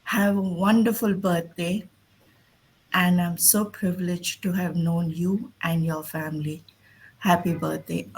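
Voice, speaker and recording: Slow, breathy woman speaking earnestly. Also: lowish voice, steady tone, poor audio. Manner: earnest, groping for words. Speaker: guest on a live call. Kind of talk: heartfelt birthday tribute.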